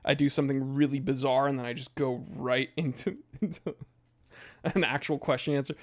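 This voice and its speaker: A young man hosting a casual livestream, reading viewer comments aloud in a goofy, jokey way with sudden loud outbursts. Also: mid-range voice, steady tone, fairly quick. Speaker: watch channel host.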